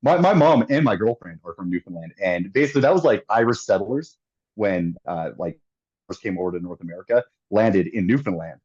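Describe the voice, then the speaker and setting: Male guest, Canadian accent, relaxed and easygoing with casual swearing; low voice on a dull, lo-fi recording. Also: fairly quick, husky. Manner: laid-back, laughs easily, swears. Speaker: podcast guest, singer. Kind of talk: casual chat.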